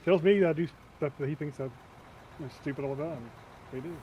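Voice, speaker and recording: A man chatting casually while playing a game with friends, easygoing, mixing short agreements with drawn-out remarks. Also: on the high side, lo-fi sound, slight background noise. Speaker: co-player. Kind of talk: casual gameplay chat.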